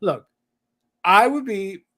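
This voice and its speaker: A man's voice: sits high, animated, takes it slowly, sharp tone. A man hosting a hobby podcast in casual chat, reading viewer comments aloud between thoughts. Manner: chatty, reads viewer comments aloud, many fillers. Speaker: podcast host.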